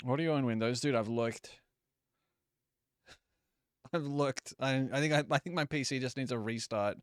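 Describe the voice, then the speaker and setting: Smooth dry-voiced young male streamer. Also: mid-range voice, a little slow, long pauses, dry recording. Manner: chatty, swears freely, apologetic about audio trouble. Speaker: live game streamer. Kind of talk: casual live gameplay commentary.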